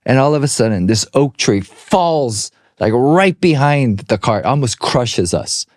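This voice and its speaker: A man's voice: mid-range voice, a little slow, no echo, clean studio sound. A middle-aged man co-hosting a podcast, telling stories in a casual chat and acting out the people in them. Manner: animated storyteller who acts out other people's voices. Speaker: podcast co-host.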